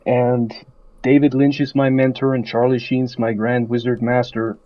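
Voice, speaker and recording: Casting: deadpan male panelist, dry humor, lo-fi mic. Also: mid-range voice, moderate pace. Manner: deadpan, self-mocking, hesitant. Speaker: panel guest. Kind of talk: casual podcast chat.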